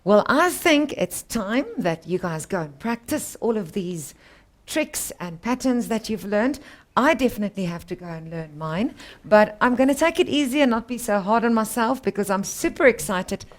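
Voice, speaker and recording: A woman's voice: mid-range voice, lively intonation, normal speed. Curious upbeat woman learning guitar. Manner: curious, asks questions, upbeat. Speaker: co-host and student. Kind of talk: casual lesson chat.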